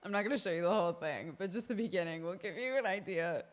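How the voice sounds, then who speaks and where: A woman's voice: lowish voice, quick pace. A woman streamer chatting casually with her viewers, laughing often as she talks. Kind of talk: casual live-stream chat.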